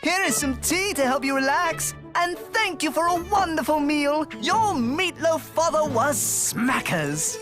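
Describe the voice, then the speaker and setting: A woman voicing a gentle, over-formal posh boy in a cartoon, speaking in a prim and flowery way. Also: sits high, animated, measured pace, few pauses. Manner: prim, flowery, extra polite. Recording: cartoon clip with music behind.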